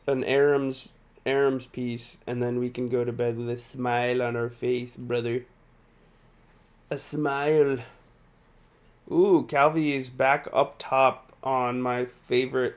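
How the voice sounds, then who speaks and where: Man, streamer, slow unhurried delivery, gravelly fry, tired, chatty with viewers, casual gameplay commentary. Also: medium pitch. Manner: chatty, reads and answers viewer chat, frequent laughs.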